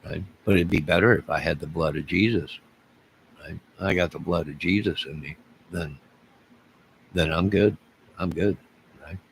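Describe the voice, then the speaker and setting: A man's voice: low voice, normal speed, gravelly, pauses often, a little hiss or hum, rough recording. A man hosting his own video channel, talking in a rambling, digressive way with frequent restarts. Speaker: YouTube channel host. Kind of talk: rambling solo vlog.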